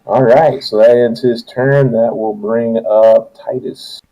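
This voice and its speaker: A man's voice: mid-range voice, steady tone, slow, dark tone, low-quality recording. A young man running a tabletop game as its game master, joking and laughing through loose narration.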